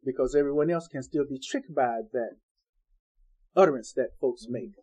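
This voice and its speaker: Folksy preacher man with a mellow voice. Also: mid-range voice, moderate pace, low-quality recording. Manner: folksy, conversational, acts out quoted dialogue. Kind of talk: informal Bible-study sermon.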